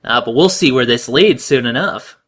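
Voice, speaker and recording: A man co-hosting a casual watch-along commentary, animated and jokey, swearing casually. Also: medium pitch, normal speed. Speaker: commentary co-host.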